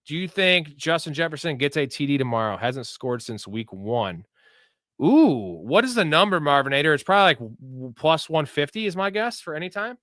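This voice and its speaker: A man's voice: a little high, big pitch swings, normal speed, a bit bright, no room sound, clean studio sound. Hyped, profane young man hosting a livestream. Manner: loose, profane, hyped-up bro talk. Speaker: host of a live sports betting and fantasy show. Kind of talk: casual livestream chat answering viewer questions.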